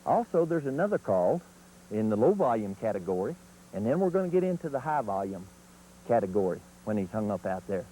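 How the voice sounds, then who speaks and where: A man's voice: mid-range voice, dark tone, a little hiss or hum, low-quality recording. A man teaching turkey calling in an instructional video, in a folksy, plain-spoken way.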